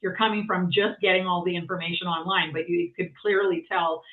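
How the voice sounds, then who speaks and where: Heard as tinny, phone-like audio from a distance, a woman guest with a fairly low, level voice chats casually at a brisk pace. She rambles, using lots of fillers and restarting often.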